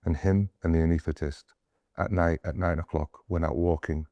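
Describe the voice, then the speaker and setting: A man's voice: low-pitched, steady tone, normal speed, dark tone, no room sound, muffled recording. A young man, a doctor, earnestly telling stories of his mission in an interview, often retelling scenes with quoted dialogue. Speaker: doctor guest on a humanitarian mission.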